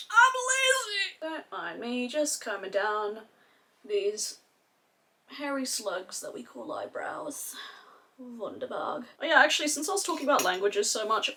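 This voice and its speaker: Young woman, Australian accent, beauty vlogger, lively chatty delivery, casual swearing, mid-pitched voice. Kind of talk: casual makeup tutorial chat.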